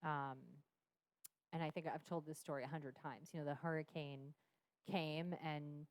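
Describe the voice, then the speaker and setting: A woman's voice: low voice, steady tone, unhurried, dry recording. A woman in her thirties, a podcast guest, frankly telling a personal story with frequent swearing and laughter. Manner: frank, profane, laughs often. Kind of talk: candid storytelling.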